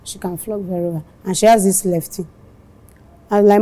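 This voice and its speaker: Nigerian mother, dark-toned and animated. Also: mid-range voice, moderate pace. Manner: animated, reenacts dialogue in Pidgin. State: tearful. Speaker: interviewee, mother. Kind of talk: emotional recounting of an incident.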